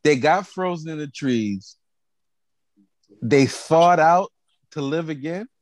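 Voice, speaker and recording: A man co-hosting a podcast, chatting casually in a lively, teasing way that often stumbles over repeated words. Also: a little high, slow, no echo. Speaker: podcast co-host. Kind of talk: casual chat.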